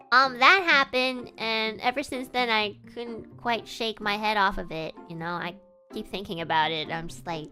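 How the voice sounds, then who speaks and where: Bright, giggly young woman telling a story. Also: mid-range voice, normal speed, faint music behind. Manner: giggly, animated, full of "like" and "you know". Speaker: streamer. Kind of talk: casual storytelling on a live stream.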